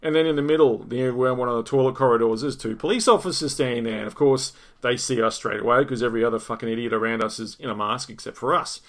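A middle-aged Australian podcast host rambles through a profane story in a casual monologue, repeating words and restarting sentences. His medium-pitched voice moves fast, with hardly any pauses.

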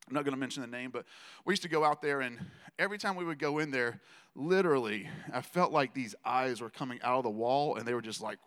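A man preaching a conversational sermon, joking with the congregation between loud declarations and quiet asides. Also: a little high, big-room sound. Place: church gathering.

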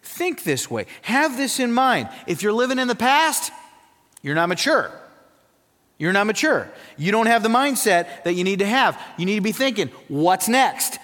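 A man preaching a sermon as pastor, animated and emphatic, often throwing rhetorical questions at the congregation. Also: sits high. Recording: long reverb of a large hall.

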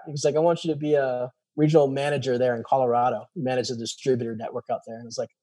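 Guy with a dark mellow voice, telling a long story casually, lots of "i was like", acts out the quotes. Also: mid-range voice, very fast, hardly any pauses. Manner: animated, acts out quoted dialogue; many fillers and repeated "I was like". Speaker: guest telling his story.

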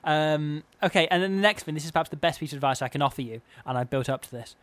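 Deadpan mock-serious comedy host. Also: male voice, a little high, fast talker, no room sound. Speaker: podcast co-host. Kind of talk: absurd comedy banter.

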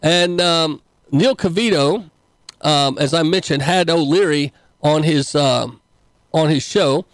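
A man's voice: a little high, takes it slowly, no echo. A man hosting a talk show, giving rambling, folksy commentary full of fillers. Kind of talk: casual commentary.

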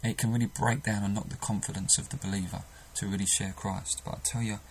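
A man's voice: on the low side, flat delivery, brisk, slight background noise, poor audio. A man preaching a sermon, earnest and emphatic, often restarting his sentences.

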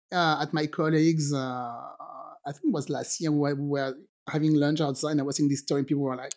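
Lively woman telling a strange story, a bit low-pitched. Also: a little fast. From Guadeloupe, French Caribbean. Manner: animated, acts out quoted voices, many restarts. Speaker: podcast co-host telling a story. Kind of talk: casual storytelling chat.

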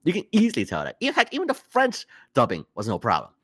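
A man's voice: fairly high pitch, wildly swooping pitch, fast talker, fairly bright tone, dry recording. A young man co-hosting a podcast, rambling with lots of fillers and emphatic complaints. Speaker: podcast co-host. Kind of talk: casual podcast chat.

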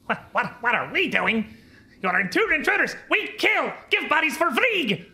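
A man voicing a small, grimy, hostile male goblin-like creature that shouts in shrill, broken speech. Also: sing-song, moderate pace, exaggerated voice.

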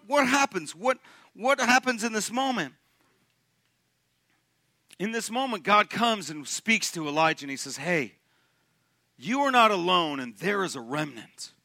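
Young man, pastor, lively joking sermon, very high voice, dry close sound. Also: no room sound. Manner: animated, joking, asks the congregation questions. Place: church sanctuary.

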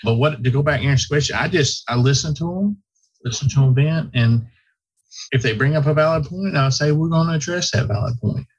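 Man, vet clinic owner, rambling storyteller, husky tone. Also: mid-range voice, fairly quick. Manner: folksy, rambling, with many restarts. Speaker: veterinary practice owner, podcast guest. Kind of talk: casual storytelling chat. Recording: slightly muffled lo-fi audio.

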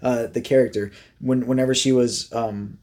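A man's voice: mid-range voice, steady tone, moderate pace, warm tone. A man co-hosting a podcast, talking in a rambling, hesitant way with many restarts. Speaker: podcast co-host. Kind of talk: casual chat.

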